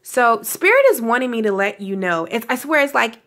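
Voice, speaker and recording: Bright, high-voiced woman giving spiritual pep talk. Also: lively intonation, fairly quick. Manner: gushing and affectionate, calls viewers honey, laughs often. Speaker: spiritual guidance vlogger. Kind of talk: casual direct-to-camera spiritual pep talk.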